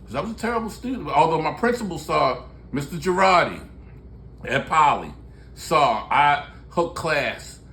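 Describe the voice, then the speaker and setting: A man in his sixties from Baltimore talks in casual chat. He tells his stories candidly and jokes and laughs often. His voice is bright and forward, with a faint hiss of noise behind it. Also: fairly high pitch, animated, moderate pace. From Baltimore, USA. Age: 60s. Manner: laughing, storytelling, candid and joking. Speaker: musician and show host.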